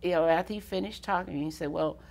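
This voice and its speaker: In a storytelling interview, an older woman from the American South shares memories, frequently laughing and acting out other people's voices. She talks fast, with a low, creaky, darkish voice.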